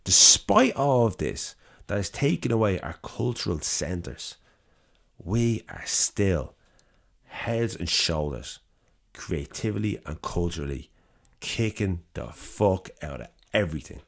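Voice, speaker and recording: A man's voice: sits low, sing-song, slow pace, vocal fry. A young man with a Dublin accent, co-hosting a podcast and arguing his case emphatically, swearing freely and stacking repeated phrases. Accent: Dublin Irish. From Dublin, Ireland. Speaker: podcast co-host. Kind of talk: casual debate over drinks.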